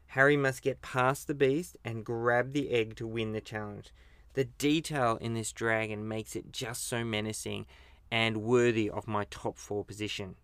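A man hosts a relaxed movie countdown and chats easily between clips. His voice is smooth and clear at a mid pitch. It is recorded close and dry, with no room sound. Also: no echo. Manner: chatty, chuckles at his own slips. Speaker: podcast host. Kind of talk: casual movie countdown commentary.

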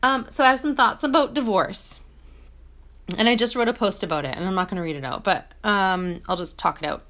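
A woman's voice: mid-range voice, fairly quick, a bit bright. A woman vlogging from her small apartment, talking in a casual, reflective monologue that rambles, fills with "like" and corrects itself as she goes. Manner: rambling, heavy on "like", self-correcting.

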